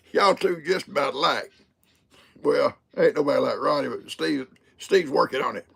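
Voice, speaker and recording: A man's voice: on the high side, unhurried, vocal fry, fairly bright tone, breathy edge. An older man hosting a livestream, telling folksy stories, acting out quotes and laughing often. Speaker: livestream host. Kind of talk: casual livestream chat.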